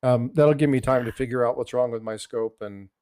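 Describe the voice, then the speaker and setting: A man's voice: medium pitch, a little fast, warm tone, clear, resonant tone, dry recording. A man hosting a casual coin channel, rambling through stories and a joke with many restarts. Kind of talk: casual chat.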